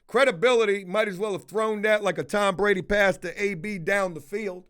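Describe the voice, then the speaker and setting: High-voiced, cussing male streamer. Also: normal speed. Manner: profane and animated, calling out viewers in the chat. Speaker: live streamer. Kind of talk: casual live-stream storytelling.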